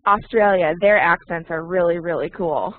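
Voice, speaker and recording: A woman teaching English online, speaking slowly and deliberately and repeating key words so learners can follow. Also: lowish voice, no room sound. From United States. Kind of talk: online language lesson. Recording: tinny phone-like online call audio.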